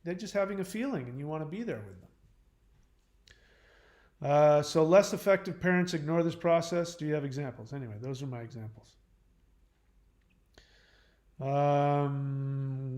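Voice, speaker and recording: A man's voice: on the high side, measured pace, pauses often, darkish tone, echoey room. A man hosting a casual live talk, rambling with many fillers and restarts. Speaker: host.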